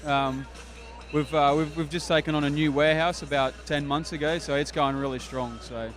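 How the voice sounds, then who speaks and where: A man's voice: a little high, fairly even intonation, normal speed, faint music behind. An Australian man answering interview questions hesitantly, with many fillers. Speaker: equipment distributor, guest.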